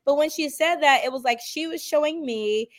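A woman on a casual podcast interview, telling her story with animated, emphatic delivery and acting out quoted conversations. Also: high voice, moderate pace. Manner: emphatic, swings up sharply when excited. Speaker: reality show contestant guest.

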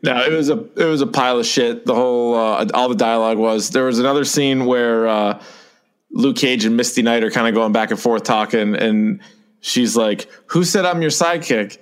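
A man's voice: steady tone, moderate pace, clear, resonant tone. A man in casual podcast chat, griping about a show and acting out lines in a jumping voice. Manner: exasperated, acts out quotes with pitch jumps. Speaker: podcast co-host.

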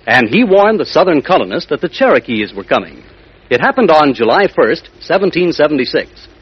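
A man's voice: on the high side, slightly rough. Earnest man telling a story to listeners. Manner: earnest, storytelling, solemn at times. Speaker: program host giving a message. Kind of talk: earnest spoken address to young listeners. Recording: dull old radio recording.

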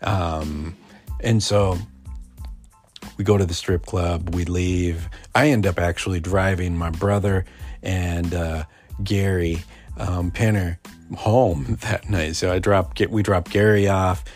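A man's voice: deep voice, fairly even intonation, slow, a little mellow, faint music behind. A man in his forties telling a personal story in a casual, rambling way, full of fillers and restarts. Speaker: podcast host.

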